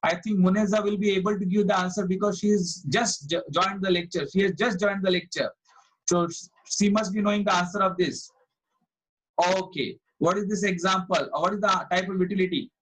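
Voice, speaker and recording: Higher-voiced Indian man teaching online. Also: steady tone, brisk, fairly bright tone, husky, rough recording. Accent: Indian English. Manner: repeats phrases, quizzes students, praises answers. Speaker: online commerce tutor. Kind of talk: live online class lecture.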